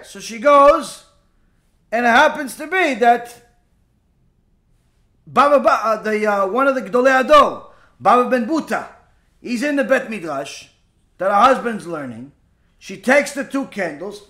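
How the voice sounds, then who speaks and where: Man, Torah teacher, animated storytelling, high-pitched voice, roomy echo. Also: takes it slowly, long pauses. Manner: animated, lively storytelling with asides and fillers. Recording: echoey room.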